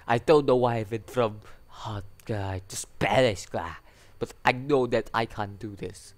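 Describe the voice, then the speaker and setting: A man casually commenting on a story game as he plays it. He is chatty and self-mocking, often laughing at himself. His voice sits a little low. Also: unhurried. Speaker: gaming video creator. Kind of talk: casual let's-play commentary.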